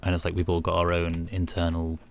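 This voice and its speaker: A game streamer from the North of England chats casually with viewers while he plays, his accent close to Scouse. His low, monotone voice runs a little fast and is full of "like" and "you know," and he sounds easygoing. There's noise in the background.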